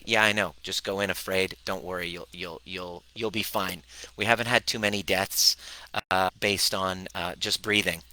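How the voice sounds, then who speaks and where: Bright, energetic male coach on a live stream. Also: lowish voice, dry recording, rough recording. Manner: energetic, acts out clients' voices, many restarts.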